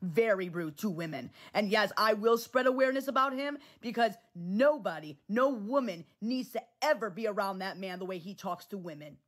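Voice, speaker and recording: A woman's voice: mid-range voice, animated, moderate pace, few pauses. A woman hosting a phone livestream, talking to her chat in a heated, blunt way, swearing and repeating herself. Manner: swears freely. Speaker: livestream host. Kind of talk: casual livestream talk to chat.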